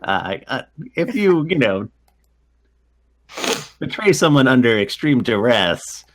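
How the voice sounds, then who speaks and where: A man running a tabletop game as game master, who speaks in a halting way and often breaks into chuckles. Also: medium pitch, big pitch swings.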